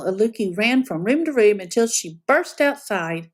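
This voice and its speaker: A woman reading a picture book aloud to children, telling it as an expressive storyteller. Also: mid-range voice, normal speed, few pauses.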